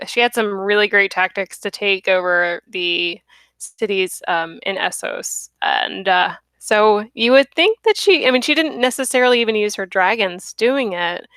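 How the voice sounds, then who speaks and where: A woman's voice: mid-range voice, fairly bright tone, smooth, dry recording. A woman hosting a live online chat show, talking casually with lots of fillers and giggles. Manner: chatty, giggly, many fillers. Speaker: host.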